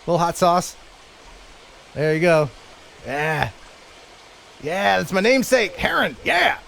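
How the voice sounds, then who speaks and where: A male host of a casual live stream who teases and laughs often. His pitch swings widely as he talks. A faint hiss of noise sits under his voice. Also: sing-song, a little slow, creaky, fairly bright tone. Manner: playful, teasing, laughs often.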